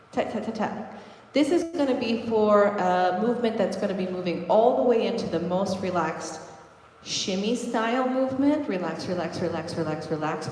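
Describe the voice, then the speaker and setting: A woman's voice: medium pitch, darkish tone, slight background noise. A woman teaching a belly dance class online, counting beats and cueing moves as she demonstrates. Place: large echoey dance studio. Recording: echoey studio with long reverb.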